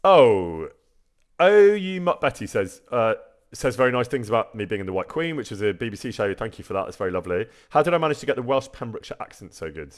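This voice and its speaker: A man's voice: medium pitch, sing-song, fast talker. A man, chatting casually on a live stream and answering viewer questions, self-deprecating and laughing often. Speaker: streamer and actor.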